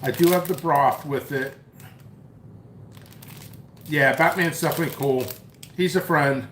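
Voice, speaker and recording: Eating noodles at home, this live streamer chats in a rambling way, reading viewer comments and telling a story while frequently mocking and restarting what he says. His male voice sits on the high side and is a bit bright and a little slow, with roomy acoustics and slight background noise.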